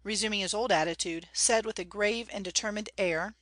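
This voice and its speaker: A woman reading a classic novel aloud as audiobook narration, measured and clear. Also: mid-range voice, fairly bright tone, dry recording. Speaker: audiobook reader.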